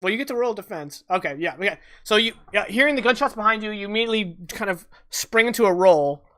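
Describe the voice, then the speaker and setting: A game master with a voice of middling pitch, running a tabletop session in a relaxed, chatty way. The speaker calls turns, reads out dice results and narrates the action. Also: quick pace.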